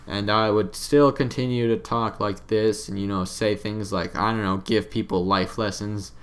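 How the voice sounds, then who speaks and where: A man's voice: fairly low pitch, fairly even intonation, normal speed. A young man giving casual, rambling commentary over his own game footage, offhand and self-deprecating. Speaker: let's play commentator.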